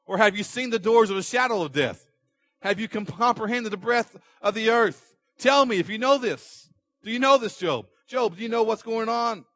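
A man's voice: high-pitched, moderate pace, a bit bright, no room sound, pitched above the performer's own voice. A man voicing God as a stern, sarcastic questioner who fires off demanding rhetorical questions.

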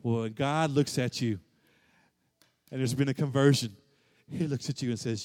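Preaching man with surging loud swells. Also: steady tone, moderate pace, long pauses. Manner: preaching with big swings from loud and high to quiet and low; repeats phrases for emphasis. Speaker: pastor. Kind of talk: sermon.

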